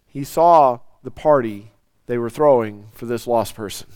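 Slow, dry-voiced male preacher. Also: mid-range voice, darkish tone, clear, resonant tone, no room sound. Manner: dynamic preaching, soaring then dropping to near whispers. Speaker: pastor. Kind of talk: sermon.

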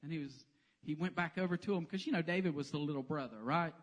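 A man's voice: on the high side, fast. A man preaching a sermon in a church sanctuary, telling the story with humor. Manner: animated, joking storyteller. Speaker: pastor.

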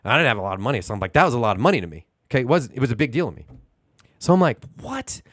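A man in his thirties rants through a story on a casual podcast. His pitch swings widely, and he fires off rhetorical questions. The recording is dry and close. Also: racing, dry recording. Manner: animated, indignant storyteller, asks rhetorical questions. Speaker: podcast co-host.

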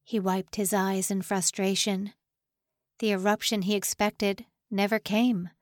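In this clean, dry studio recording, a female audiobook narrator with a mid-range voice delivers a suspense novel. It's scripted narration, read at a steady, measured pace.

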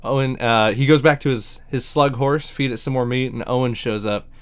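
A man's voice: medium pitch, fairly quick, clear, resonant tone. A man co-hosting a podcast, casually recapping a TV episode in a profane, joking way and acting out the characters' lines. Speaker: podcast co-host.

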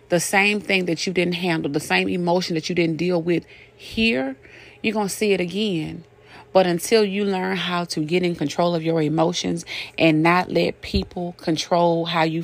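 An older woman giving a casual inspirational talk, folksy, repetitive and emphatic, often laughing. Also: fairly low pitch. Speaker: motivational speaker.

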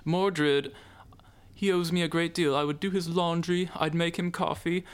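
A player voicing a nervous, stammering young male scholar who serves a villain, slow and self-important. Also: mid-range voice, steady tone, clean tone, close to an everyday voice. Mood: boastful. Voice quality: stammering, halting.

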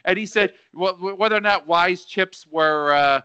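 A man's voice: high-pitched, moderate pace, sharp tone, smooth. A man co-hosting a podcast in casual chat, rambling and tripping over his words. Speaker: podcast co-host. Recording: dull lo-fi mic.

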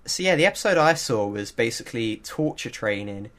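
A man's voice: mid-range voice, brisk. Chatty man telling a story. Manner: animated storytelling, many fillers and laughs. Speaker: podcast co-host. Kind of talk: casual chat.

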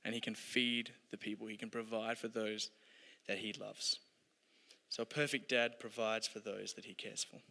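Male pastor, sermon, bright voice, earnest storytelling, long hall reverb. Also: on the low side, flat delivery, moderate pace, gravelly. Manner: earnest, storytelling, voice dropping soft at ends of points.

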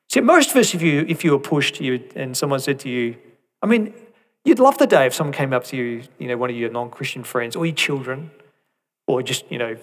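Animated male preacher delivering a sermon. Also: on the high side, gravelly. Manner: animated, rising to emphatic peaks and dropping to soft asides; conversational, with rhetorical questions.

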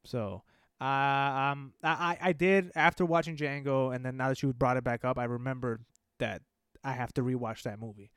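A man's voice: medium pitch, fairly even intonation, moderate pace, fairly bright tone, clear, resonant tone, dry recording, clean studio sound. A man co-hosting a casual podcast chat, telling stories in a rambling way and laughing easily. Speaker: podcast co-host.

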